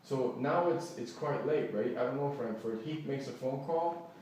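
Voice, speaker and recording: A man's voice: medium pitch, normal speed, darkish tone, slight background noise. Agitated man recounting, echoey distant recording. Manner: rambling, quotes people in his retelling, restarts often. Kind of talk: agitated first-person account. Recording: echoey room, voice from off-mic.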